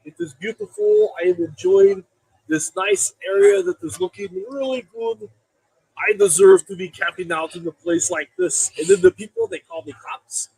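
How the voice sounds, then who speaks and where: A man's voice: high voice, vocal fry, husky, pitched above the performer's own voice, full character voice, rough recording. A man playing a boastful, paranoid vagrant who calls himself the alpha male, in a pompous, self-pitying sketch voice. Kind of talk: comedy sketch video.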